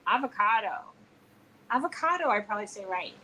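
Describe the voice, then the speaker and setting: A woman's voice: medium pitch, animated, fairly quick, bright, forceful tone, poor audio. A woman co-hosting a live show, chatting casually with a friend, laughing easily and playing with how words are said. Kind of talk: casual chat between friends.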